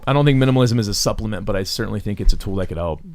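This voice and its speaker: A man's voice: fairly low pitch, rapid-fire, darkish tone, no room sound. A young man co-hosting a podcast, talking in a loose, rambling way with many restarts and easy laughs. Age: young adult. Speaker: podcast co-host. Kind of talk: casual chat.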